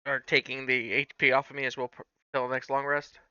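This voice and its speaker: A man's voice: medium pitch, level tone, a little fast, bright, forceful tone, clean tone, no room sound, lo-fi sound. A man playing a tabletop game, checking the rules as he tracks his hit points. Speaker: player.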